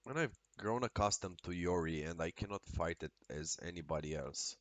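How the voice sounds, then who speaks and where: Excitable swearing game streamer man. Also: low voice, moderate pace, no echo. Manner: excitable, swears a lot, frequent exclamations. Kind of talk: casual live-stream commentary while playing.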